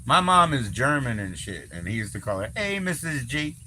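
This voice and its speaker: Bright, loose-talking man on a livestream. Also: on the low side, very animated, fairly quick, slight background noise. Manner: loose, swearing, laughs often, lots of fillers. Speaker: livestream host. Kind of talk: casual rambling livestream chat.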